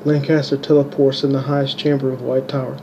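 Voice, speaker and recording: Flat-voiced man reading his own novel. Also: mid-range voice, fast, dull audio, slight background noise. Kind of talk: audiobook reading.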